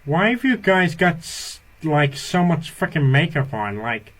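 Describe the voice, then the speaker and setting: Loud crude cartoon dad, as a man impersonates him, brash, profane, jokey, slightly high voice. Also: sing-song, measured pace, exaggerated voice. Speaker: online video chat prankster. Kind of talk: voice impression on video chat.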